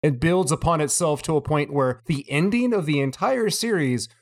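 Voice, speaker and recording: A man's voice: fairly high pitch, expressive, normal speed. A man co-hosting a podcast, talking in a thoughtful, analytical way. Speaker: podcast co-host. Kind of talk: casual chat.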